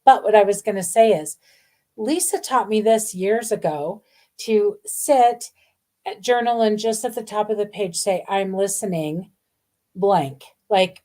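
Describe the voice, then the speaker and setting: A woman's voice: mid-range voice, dark tone. A middle-aged woman doing a live card reading, talking in a gushing, meandering way with many fillers. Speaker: intuitive card reader hosting a live stream.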